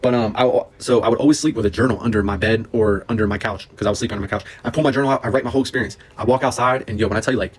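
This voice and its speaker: A young man telling a personal story in a casual, excited, rambling way, full of fillers and restarts. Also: on the low side, racing, hardly any pauses, husky.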